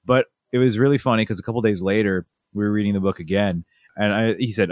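A young man telling family stories in a relaxed chat, acting out a toddler's lines with lots of energy. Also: fairly low pitch, fast, dry recording, clean studio sound. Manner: animated storyteller, acts out a toddler's voice. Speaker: podcast co-host. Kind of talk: casual storytelling chat.

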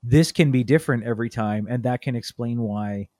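Man in his thirties, casual storyteller, animated, dry close mic. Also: fairly quick, no room sound. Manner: animated storyteller, acts out quotes with big pitch jumps. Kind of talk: casual chat.

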